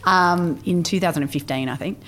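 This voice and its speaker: Chatty woman, low-pitched. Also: a little fast. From Australia. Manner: chatty, animated storytelling with filler words. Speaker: podcaster and marketer, guest. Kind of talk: casual conversational interview.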